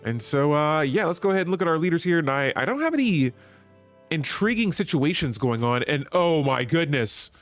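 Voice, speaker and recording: A man's voice: on the high side, very animated, moderate pace, a bit bright, soft background music. A man streaming a strategy game, chatting with viewers and reading the in-game text aloud. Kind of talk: live gameplay commentary.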